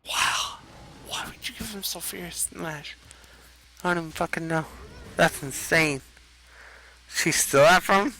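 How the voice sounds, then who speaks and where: A man's voice: on the high side, unhurried, pauses often, background noise. A young man streaming a card game, rambling and swearing as he reacts to the plays. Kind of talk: casual gaming commentary.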